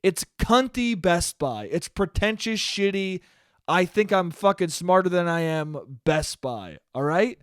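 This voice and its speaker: A man hosting a solo podcast, ranting in a profane, exasperated way with sudden loud spikes. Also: sits high, lively intonation, measured pace, no echo, studio quality. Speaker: podcast host.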